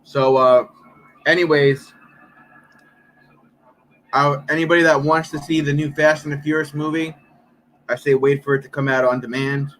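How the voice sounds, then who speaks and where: Profane, animated man in his thirties. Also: fairly high pitch, normal speed, long pauses, slight background noise, rough recording. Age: 30s. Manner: profane, animated storytelling, mimics others. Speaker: streamer. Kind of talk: casual live-stream chat.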